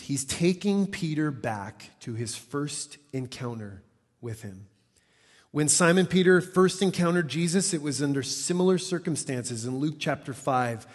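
A man preaching a sermon in a conversational, animated way, acting out the lines he quotes. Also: on the high side, in a large hall.

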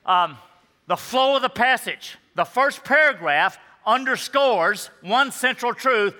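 A man's voice: extremely high pitch, expressive, slow pace, pushed and bright. A man preaching a sermon in a church, reading scripture and then driving his points home by repeating them. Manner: emphatic, repeats key points. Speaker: pastor. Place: church sanctuary. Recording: long reverb of a church hall.

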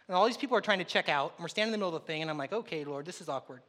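A man's voice: sits high, rapid-fire, fairly bright tone, long reverb tail. A man preaching a sermon as pastor, telling stories in a conversational, self-deprecating way. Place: church sanctuary.

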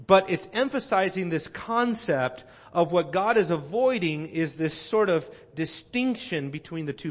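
A man preaching a sermon in a church, his voice sitting a little high for a man. He teaches earnestly, restarting phrases and filling pauses as he works through a text. The sound rings with the long reverb of a large hall. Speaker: pastor. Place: church sanctuary.

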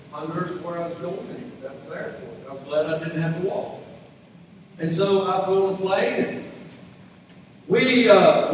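Middle-aged guy preaching, folksy storytelling, higher voice, big echoey hall, mic kinda far. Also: slight background noise. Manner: folksy, swings from quiet asides to shouted climaxes. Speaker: pastor. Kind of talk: sermon with storytelling.

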